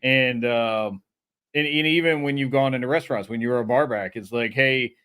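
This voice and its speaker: A man's voice: mid-range voice, normal speed, pushed and bright, smooth. A man hosting a podcast, talking casually and repeating words as he works through his point. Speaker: podcast host. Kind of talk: casual conversation.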